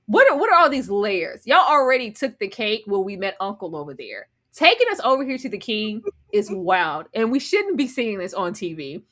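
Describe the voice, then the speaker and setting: A woman's voice: mid-range voice, very animated, normal speed, hardly any pauses, a bit bright. A woman hosting a live reality-show recap, talking animatedly and acting out quoted voices. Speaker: host.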